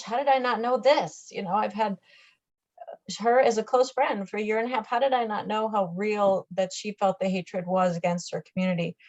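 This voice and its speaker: A woman speaking earnestly and conversationally in a community discussion over a video call. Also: medium pitch. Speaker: discussion participant. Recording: muffled lo-fi video call audio.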